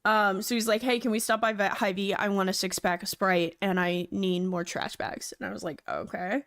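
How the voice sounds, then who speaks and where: A woman's voice: medium pitch, fairly even intonation, normal speed, fairly bright tone. A young woman live-streaming, chatting loosely with her viewers, rambling and swearing casually into a desk mic.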